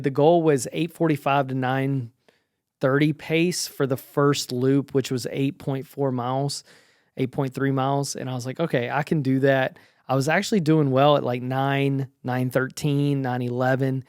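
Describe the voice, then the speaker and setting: A man in his forties talks through his race in a chatty, self-deprecating way, full of ums and quick restarts. His voice sits at an ordinary pitch. The recording is close and dry, with no room sound. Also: level tone, darkish tone, clear, resonant tone, no echo. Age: 40s. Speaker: vlogger recapping his race. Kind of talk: casual spoken recap.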